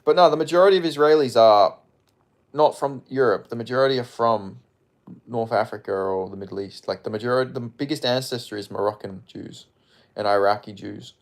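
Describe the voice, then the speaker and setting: A man chats offhand on a livestream, reading out comments and riffing on them. His voice sits at an ordinary middle pitch, and his loose, meandering talk is peppered with profanity. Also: brisk. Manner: rambling, frequent profanity, offhand. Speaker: streamer. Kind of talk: casual livestream chat, reading comments aloud.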